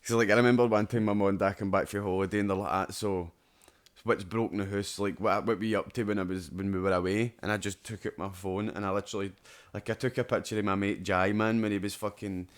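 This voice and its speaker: A man's voice: fairly low pitch, steady tone, quick pace. A young Scottish man on a podcast, telling funny stories in sweary banter and acting out the people in them. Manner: laughing, sweary banter with acted-out quotes. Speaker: podcast co-host. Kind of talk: casual storytelling chat.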